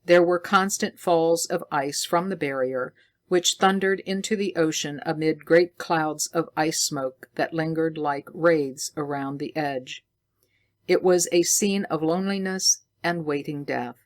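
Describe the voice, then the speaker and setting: A woman reading a science fiction story aloud slowly and deliberately for English learners. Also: low-pitched.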